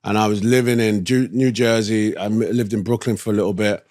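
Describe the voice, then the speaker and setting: Brisk but steady in tone, with a lowish, darkish voice, a man from East London with a London accent spins casual stories as a guest. He's slangy and relaxed, drifting between ideas, in a dry, clean studio recording.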